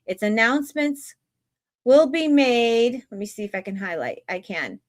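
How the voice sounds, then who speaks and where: Her voice sits a little high and sing-song, moving at normal speed in a clean studio recording with no room sound. She's a Boston-area tarot reader with a Boston accent, giving viewers an emphatic, exclamatory spiritual reading in an upbeat, preaching style.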